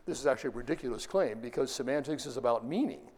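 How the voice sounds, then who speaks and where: A man lectures to a class, his voice sitting at an ordinary middle pitch. He explains step by step and stops now and then to ask his students questions. The sound carries a long reverb from the lecture hall. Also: very fast, darkish tone.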